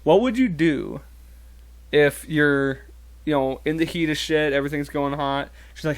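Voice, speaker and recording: A young man co-hosts a casual podcast, his voice sitting a little high. He tells crude stories, laughs often and fills his talk with "like". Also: measured pace. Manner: crude, laughing storyteller, full of "like". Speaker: podcast co-host. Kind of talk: casual chat.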